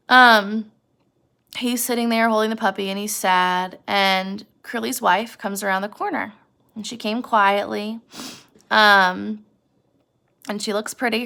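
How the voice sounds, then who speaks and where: A woman's voice: mid-range voice, creaky. A woman teacher retelling a novel chapter to her class, acting out the characters' quoted lines. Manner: retells scenes with animated quoted voices.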